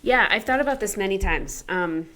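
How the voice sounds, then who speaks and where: A woman's voice: mid-range voice, expressive, normal speed, a bit bright. A woman co-hosting a podcast, talking in a rambling, casual way with many fillers. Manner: rambling, heavy use of "like". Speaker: podcast co-host. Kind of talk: casual conversation.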